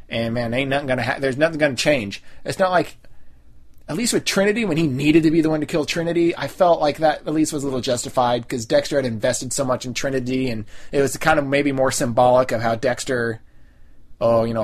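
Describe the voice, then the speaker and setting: A man's voice: medium pitch, a bit bright. Chatty Californian man hosting a podcast. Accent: General Californian. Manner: chatty, rambling, self-correcting. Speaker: podcast host. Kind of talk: casual podcast chat, reading a listener email.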